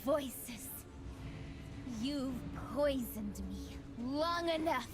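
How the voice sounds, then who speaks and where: A woman voicing a young female knight, speaking in a hushed, earnest way while reading game dialogue. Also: high-pitched, lively intonation, drawn-out words, music in the background, pitched above the performer's own voice, exaggerated voice. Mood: determined.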